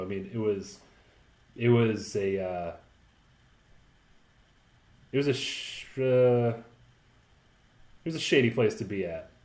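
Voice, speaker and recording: A man's voice: on the low side, a little mellow. A young man casually telling a rambling, profane story on a podcast, full of fillers. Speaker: podcast co-host. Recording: echoey room.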